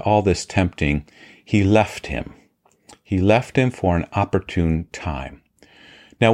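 Low-voiced man preaching a sermon. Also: darkish tone. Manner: earnest, measured preaching with repeated phrases. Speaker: pastor.

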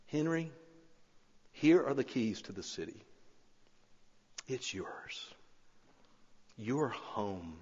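A man voicing God as a gentle, quiet voice speaking tenderly and slowly. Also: mid-range voice, sing-song, husky, exaggerated voice. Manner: soft, slow and hushed. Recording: long-reverb hall, slightly dull sound.

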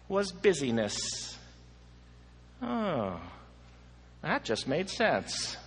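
Husky, expressive male storyteller. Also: sits high. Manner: expressive and theatrical. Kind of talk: rhyming story narration. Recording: long hall reverb.

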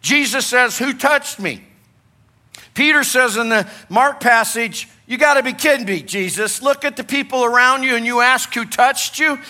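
A man's voice: extremely high pitch, moderate pace, bright, forceful tone. A male pastor preaching a sermon with energy, asking the congregation rhetorical questions.

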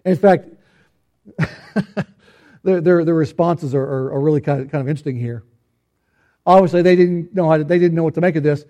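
A man delivers a relaxed, conversational sermon, teasing his congregation and tossing out rhetorical questions. His voice sits a little high for a man, with a soft, mellow tone. He often stumbles and restarts, repeating words as he thinks aloud. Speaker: pastor.

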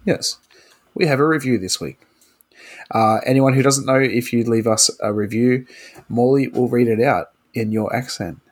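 A man's voice: mid-range voice, moderate pace, husky. A man hosting a casual podcast chat, easygoing and a few beers in, running through show announcements. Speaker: podcast host.

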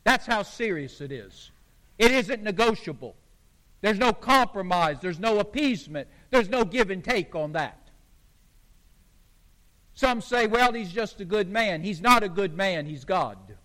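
A pastor from the United States preaches in a strikingly high voice, leaning hard on each point. He speaks slowly and deliberately. His sermon rings with the long reverb of a church sanctuary. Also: very animated, sharp tone. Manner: emphatic, slow and deliberate, preacherly cadence.

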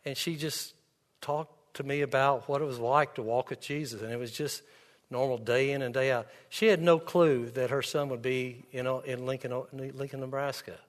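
A pastor delivers an earnest sermon at normal speed, his medium-pitched voice fairly even, telling stories that include quoted dialogue. He's speaking in a church sanctuary, and the recording carries long hall reverb.

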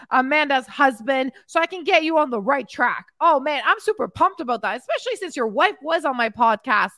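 Peppy woman fitness coach on a live, hyping her clients, high bright voice, emotional. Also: no room sound, clean studio sound. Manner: upbeat cheerleading, hyping people up; emotional, heart on her sleeve. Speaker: fitness coach and podcast host. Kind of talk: live stream chat, reading viewer comments. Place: home in Mexico.

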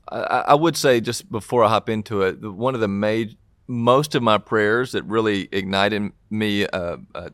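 A man's voice: on the low side, a bit bright, no echo, clean studio sound. A man who leads a church, talking earnestly and reflectively about answered prayer in a casual interview. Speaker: pastor.

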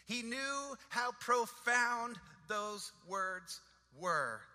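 A man's voice: extremely high pitch, animated, extremely slow, pushed and bright, faint music behind. A man preaching a sermon, building dramatic rhythmic refrains that swell and fall. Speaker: pastor. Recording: long reverb of a large hall.

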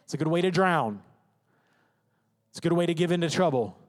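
Male pastor, high voice, emphatic conversational sermon delivery, acts out inner voices, big hall reverb. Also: lively intonation, brisk. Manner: emphatic preaching, acting out inner voices and prayers.

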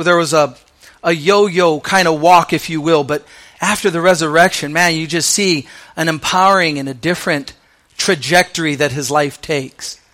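Bright-voiced male pastor preaching. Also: a little high. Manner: conversational preaching with slang asides; drops to soft, quiet delivery on key lines. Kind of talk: sermon.

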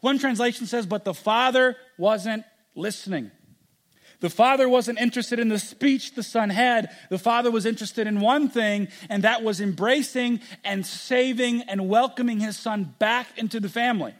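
Male pastor, high voice, impassioned sermon, swings from loud to hushed. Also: normal speed, few pauses. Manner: impassioned, acts out the story's voices; drops to a hushed, quiet delivery.

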